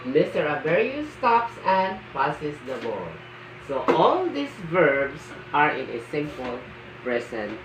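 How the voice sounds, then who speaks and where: A woman teaching an English grammar lesson, slowly and emphatically reading out example sentences for the class to repeat. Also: low-pitched, sing-song, background noise. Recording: echoey, muffled room from a distance.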